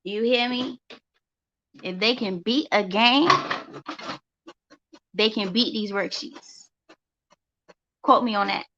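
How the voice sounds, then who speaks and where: A woman with a gravelly, fry-edged voice talks casually as a homeschooling mother on her vlog. She circles back to her phrases to drive them home. The sound is dull and lo-fi. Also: medium pitch, slow, pauses often, fairly bright tone, a little hiss or hum. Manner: conversational, repeats phrases for emphasis. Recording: dull lo-fi recording.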